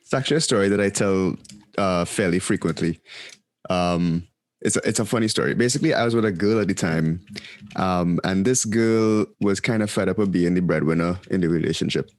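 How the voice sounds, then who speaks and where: A man appearing as a podcast guest, telling a story in a quick, animated way with frequent ums. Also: deep voice, no room sound. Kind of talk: casual storytelling.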